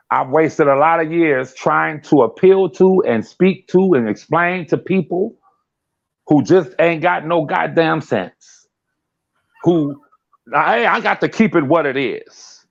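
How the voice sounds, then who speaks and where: A man talking bluntly in a casual live-stream chat, animated, swearing and often laughing. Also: fairly high pitch, unhurried, vocal fry. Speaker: guest commentator. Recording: dull lo-fi stream audio.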